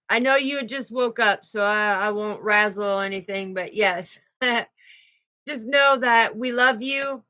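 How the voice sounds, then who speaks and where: A woman's voice: a little high, pushed and bright, low-quality recording. A middle-aged woman, hosting a casual spiritual livestream, effusive and protective as she greets her viewers by name.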